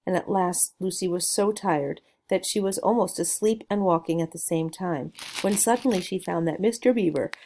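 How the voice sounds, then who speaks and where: A woman narrating a children's book aloud in a gentle storytelling manner, with a gravelly, creaky texture to her voice. Her pitch sits in a middle range, and she sometimes stops to add a little aside to the listener. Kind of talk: reading a children's novel aloud.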